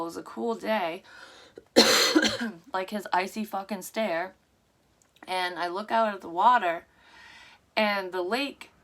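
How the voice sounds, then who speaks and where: A middle-aged woman, a psychic medium, telling a dream in a rambling, profane, animated way from her room. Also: medium pitch. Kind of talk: casual storytelling of a dream. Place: her room at a tarot table.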